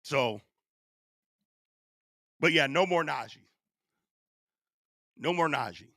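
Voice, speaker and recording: A man hosting a live sports stream, chatting casually and answering his chat, his voice going hoarse. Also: a little high, slow pace, no room sound, studio quality. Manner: animated, reads and answers chat. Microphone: studio USB microphone.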